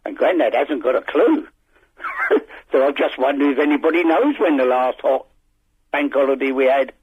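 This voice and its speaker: A man's voice: mid-range voice, animated, moderate pace, husky. Older man calling in over a tinny phone. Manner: hesitant, rambling. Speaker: caller. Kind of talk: phone-in call. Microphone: telephone.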